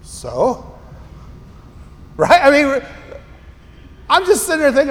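A man preaching a sermon as a pastor, telling stories in an animated, incredulous way. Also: extremely high pitch, slow. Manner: animated, incredulous storytelling with rising exclamations. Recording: long reverb of a large hall.

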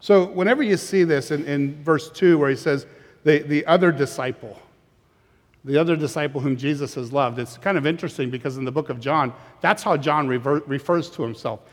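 A man's voice: a little high, a little fast, long reverb tail. A man preaching a sermon as pastor, emphatic and often repeating words as he starts a phrase.

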